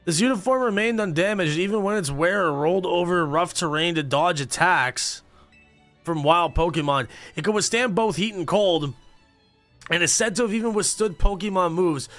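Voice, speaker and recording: A man's voice: sits high, moderate pace, a bit bright, faint music behind. A young man livestreaming a game, chatting casually and reading game text aloud with offhand reactions, sleepy and yawning. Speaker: gaming streamer.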